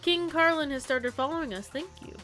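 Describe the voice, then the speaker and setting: A woman's voice: sits high, brisk, pushed and bright, faint music behind. A young woman live-streaming a building game, chatting casually and giggling often.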